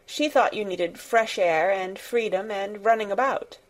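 A woman voicing a tired, distracted middle-aged gentleman who speaks in a worried, absent-minded way. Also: mid-range voice, unhurried, natural voice. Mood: weary.

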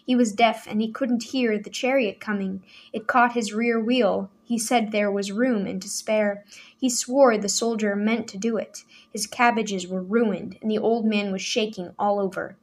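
Woman doing a teenage boy, hot-tempered, defiant, raised and forceful, storybook reading. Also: medium pitch, fairly even intonation, a little slow. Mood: angry. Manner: rude, passionate, defiant.

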